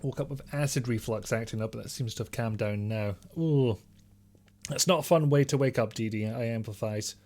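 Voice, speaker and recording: A man's voice: medium pitch, moderate pace, darkish tone. A man streaming a game live, rambling casually and answering his chat with the odd mild swear.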